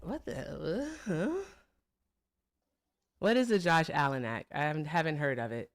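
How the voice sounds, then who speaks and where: This host has a low, sing-song voice and speaks a little slowly. She runs a live political call-in stream, greeting callers and viewers in a chatty, upbeat manner with "y'all" sprinkled in.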